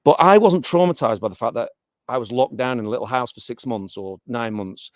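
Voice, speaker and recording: A man's voice: mid-range voice, a little fast, no echo, studio quality. A middle-aged man from England, chatting in an interview with frequent restarts and fillers. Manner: hesitant, many restarts and fillers. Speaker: interviewee, teacher. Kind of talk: casual interview chat.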